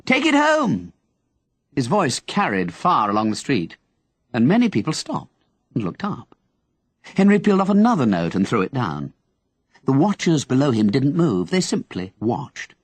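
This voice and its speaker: A man narrating an audiobook in an expressive storytelling manner. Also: medium pitch, normal speed, husky, no room sound. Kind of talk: scripted narration.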